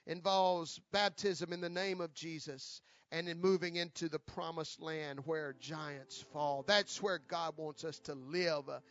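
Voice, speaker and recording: A man preaching an altar call sermon, repeating pleading invitations, swelling loud and then dropping soft. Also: a little high, lo-fi sound. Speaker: guest preacher.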